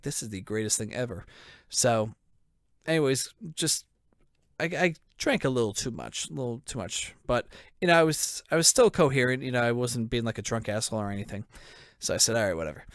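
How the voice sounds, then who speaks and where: A man's voice: medium pitch, dry recording, clean studio sound. A man co-hosting a podcast, casually telling a long rambling story, swearing and acting out what people said. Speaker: podcast co-host. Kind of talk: casual chat.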